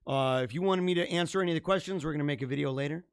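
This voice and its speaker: A man hosting his own livestream show, signing off in an energetic, rambling, chatty way, his voice a little hoarse. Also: on the high side, racing, no room sound, clean studio sound. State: slightly hoarse. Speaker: podcast host. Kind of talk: casual livestream sign-off.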